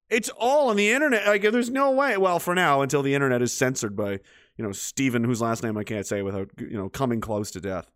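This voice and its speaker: A man's voice: mid-range voice, expressive, fast talker, fairly bright tone, no room sound, clean studio sound. A man ranting sarcastically and swearing freely, reading and answering his chat in a livestream.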